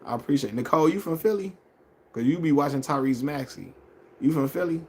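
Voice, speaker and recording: A man with a slightly high, darkish voice talks fast with lively intonation, over a faint hiss or hum. He's hosting a casual live stream, chatting loosely about basketball and reading out viewer comments. His sports chat is full of slang, repeated phrases and frequent laughter.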